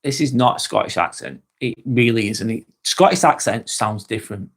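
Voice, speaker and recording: A young British man hosting a live vlog stream, reading out viewer comments in a relaxed, chatty way with frequent ums and quick laughs. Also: lowish voice. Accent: British English. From England.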